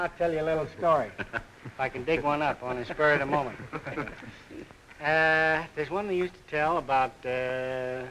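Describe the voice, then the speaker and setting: A man's voice: on the high side, moderate pace, sharp tone, a little hiss or hum, poor audio. A man from New York, an actor answering interview questions in a modest, joking way and telling a story. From New York City. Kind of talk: casual interview.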